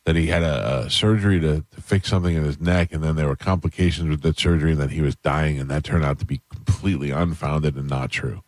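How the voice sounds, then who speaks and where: A man hosting a radio show, delivering mock-serious, deadpan banter. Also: very deep voice, quick pace, few pauses, no echo. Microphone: studio microphone. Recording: dry studio sound with faint music.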